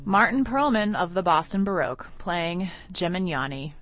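A woman hosting a radio interview in a studio, enthusiastic and quick to laugh. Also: fairly low pitch, lively intonation, fairly bright tone, dry recording, faint music behind. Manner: bubbly, enthusiastic, laughs easily. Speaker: radio host. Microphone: studio microphone.

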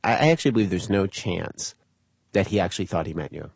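A male host with a gravelly, husky voice narrates and talks with his guest, reflective and thinking aloud. The sound is dry and close-miked. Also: low-pitched, animated, fast talker, dry recording. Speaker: radio show host. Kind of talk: narration and interview.

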